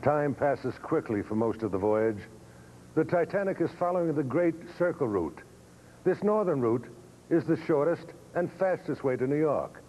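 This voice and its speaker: A man hosting and narrating a documentary in a measured, dramatic, scripted delivery. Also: a little high, lively intonation, dark tone, highs cut off.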